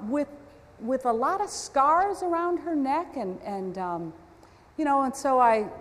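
A woman preacher with a fairly high, very animated voice that rises and falls as she tells a story. She talks conversationally, with self-deprecating asides. A long reverb trails her words around a large hall. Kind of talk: storytelling sermon.

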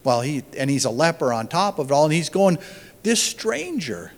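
A man's voice: on the high side, lively intonation, fast talker, in a large hall. A man giving an informal Bible teaching, thinking aloud and often restarting his phrases.

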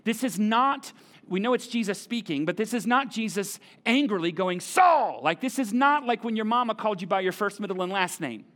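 Animated preaching man, slightly high voice. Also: brisk. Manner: animated, conversational preaching with repeated phrases. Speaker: pastor. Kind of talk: sermon. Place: church auditorium.

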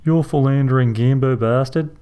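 A man's voice: medium pitch, moderate pace, dark tone, smooth, voice pushed up, lightly acted. A hesitant pub landlord reads letters aloud, as a man reading a story puts him on. He sounds puzzled and careful. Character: hesitant middle-aged male publican.

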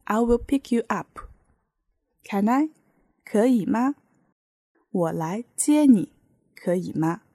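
Slow, mellow-voiced woman teaching. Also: medium pitch, expressive, dry recording. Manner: patient, explains with many example sentences. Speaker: language teacher. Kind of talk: podcast language lesson.

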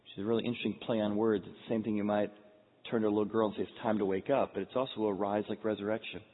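Pastor preaching in an echoey hall. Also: male voice, fairly low pitch, flat delivery, rapid-fire. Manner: dramatic, swings from hushed to shouting. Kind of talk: sermon with acted-out scenes. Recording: echoey hall over a tinny phone-like line.

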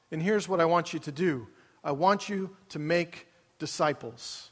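Man, pastor, conversational sermon, high voice, large church hall, long reverb. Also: normal speed. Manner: conversational, asks the congregation questions.

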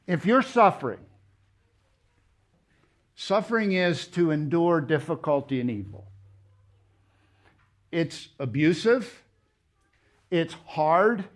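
A man preaching a sermon, emphatic, with rhetorical questions and loud stressed words. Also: fairly high pitch. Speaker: pastor. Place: church.

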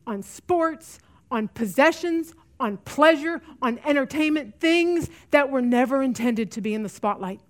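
A middle-aged woman teaching a women's Bible study, earnest and repeating key lines for emphasis. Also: on the high side. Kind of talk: teaching talk to a women's group.

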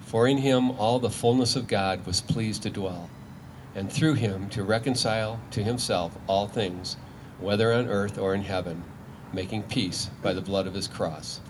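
A man with a fairly low voice reads a scripture passage aloud during a church service. His delivery is measured and formal, with faint noise in the background. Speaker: scripture reader.

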